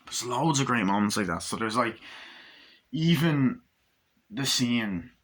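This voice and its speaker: A man giving a casual, rambling spoken film review, acting out scenes in squealing high voices as he goes. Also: lively intonation, unhurried. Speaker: movie reviewer.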